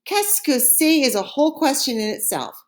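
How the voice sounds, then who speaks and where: A woman teaching a recorded French lesson, modeling words slowly and clearly for listeners to repeat after her. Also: sits high, expressive.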